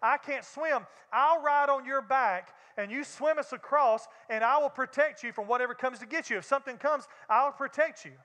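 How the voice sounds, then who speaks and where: A sly, matter-of-fact scorpion bargains his way onto a frog's back, voiced by a man telling a fable from the pulpit. The voice is high and bright, and a long church reverb trails behind it. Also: moderate pace, hardly any pauses. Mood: persuasive.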